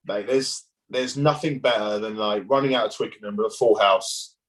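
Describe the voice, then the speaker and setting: A man's voice: on the low side, normal speed, a bit bright, rough recording. A man in his thirties, a former rugby player, casually telling stories as a podcast guest and swearing freely. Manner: laid-back storytelling, swears freely. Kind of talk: casual chat.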